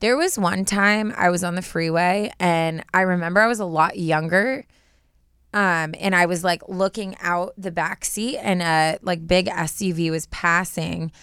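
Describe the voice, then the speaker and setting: Chatty young woman, smooth lowish voice. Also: a little slow, fairly bright tone, dry recording, studio quality. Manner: chatty, lots of "like" fillers. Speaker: podcast co-host. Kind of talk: casual chat, retelling a scary story.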